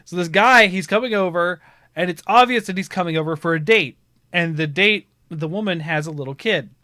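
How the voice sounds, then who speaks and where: A man hosting a casual gaming podcast who tells rambling, animated stories and laughs often. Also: sits high, fairly quick, dry recording, clean studio sound. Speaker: podcast host. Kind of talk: casual storytelling chat.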